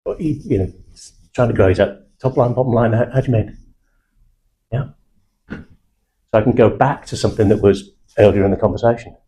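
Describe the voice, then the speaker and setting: Confident Mancunian sales trainer, darker tone. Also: male voice, lowish voice, fairly quick, pauses often, warm tone, poor audio. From England (South Manchester). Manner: blunt, confident, uses British slang. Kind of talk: live sales training talk.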